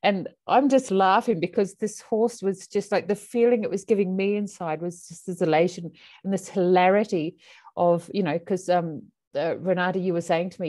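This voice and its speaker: Woman guest from Australia, lowish pitch, dry recording; animated, story-driven chat. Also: moderate pace, no echo. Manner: animated storyteller who acts out voices. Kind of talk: casual conversation.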